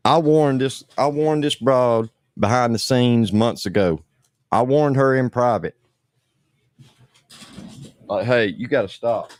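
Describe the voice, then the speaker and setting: A man's voice: mid-range voice, slow pace, pauses often, a little mellow, no room sound. A man hosting a livestream, ranting bluntly with lots of swearing and repetition. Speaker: livestream host.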